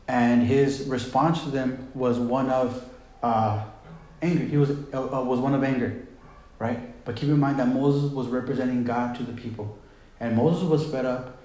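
A man's voice: medium pitch, a little mellow. Male pastor, middle-range voice, conversational sermon delivery, heavy hall echo. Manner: conversational, retelling scripture with emphasis. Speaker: preacher. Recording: very echoey hall.

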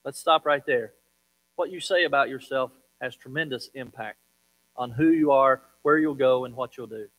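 A man preaching a sermon as a pastor, leaning hard on words with swings from loud to hushed. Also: medium pitch, normal speed, poor audio.

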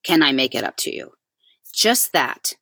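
Animated woman telling a story, low voice. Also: a little slow, slightly rough, dry recording. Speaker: podcast co-host. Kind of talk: casual chat.

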